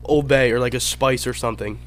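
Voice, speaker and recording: A man's voice: mid-range voice, steady tone, fairly quick, fairly bright tone, faint music behind. A man co-hosting a casual podcast, making dry wisecracks about the beer. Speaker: podcast co-host.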